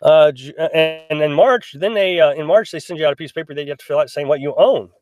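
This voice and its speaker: A middle-aged man with a rather high, slightly mellow voice talks fast as he hosts a casual live stream in a small pop-up camper, reading and answering viewer comments. Chatty and rambling, he restarts often and uses many fillers. Soft music plays in the background, with no echo.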